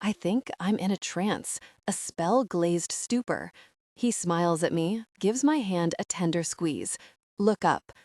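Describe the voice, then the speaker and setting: A woman's voice: on the low side, expressive, slow pace, darkish tone, no room sound. Woman narrator, emotional first-person romance read, dry close studio sound. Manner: intimate, emotional reading. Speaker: audiobook narrator.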